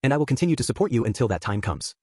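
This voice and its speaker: Devoted woman servant, read by a man; brisk, dry audiobook delivery. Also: medium pitch, very animated, a little mellow, slightly rough, no echo. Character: loyal female servant, devoted and steady. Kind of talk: audiobook reading.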